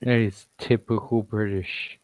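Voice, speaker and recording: Slow, brash man on a call. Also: lowish voice, steady tone, no echo. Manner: brash, teasing, swears freely. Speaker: hangout participant. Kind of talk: casual chat on an online call.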